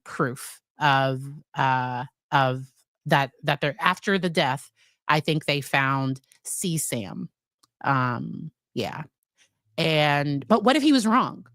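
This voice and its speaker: A woman's voice: low voice, a bit bright, no room sound. Chatty woman psychologist, dry close sound. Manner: chatty, addresses her live chat directly. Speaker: clinical psychologist hosting a live stream. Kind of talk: casual live-stream commentary on a trial.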